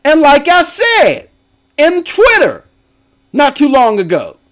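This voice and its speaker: A man's voice: very high voice, wildly swooping pitch, takes it slowly, fairly bright tone. A middle-aged man hosting a casual gaming livestream, talking animatedly with slang and laughs. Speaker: host.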